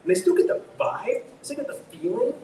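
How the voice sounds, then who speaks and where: A man's voice: very high-pitched, sing-song, quick pace, dark tone. Middle-aged male theater director, guest on a live talk show; reflective, punchy on stressed words; distant mic, echoey hall. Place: underground market stage. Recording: echoey public space, distant mic, faint noise.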